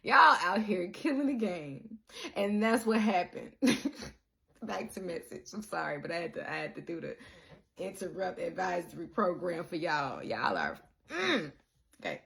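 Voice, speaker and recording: A woman talking casually to her followers in an animated, profane monologue, laughing often. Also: lowish voice, a little slow, gravelly. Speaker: social media creator. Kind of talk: casual direct-to-camera monologue. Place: in Chicago.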